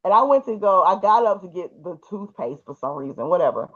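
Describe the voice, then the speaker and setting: A woman hosting a podcast, telling a personal story in a lively way, laughing often and acting out the people in it. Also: fairly low pitch, fairly quick. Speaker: podcast host. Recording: muffled, dull audio.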